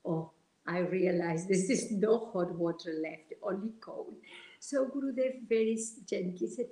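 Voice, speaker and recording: A woman from Argentina, telling stories as an interview guest in an animated, halting way with many fillers. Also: medium pitch, roomy sound, rough recording. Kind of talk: storytelling in an interview.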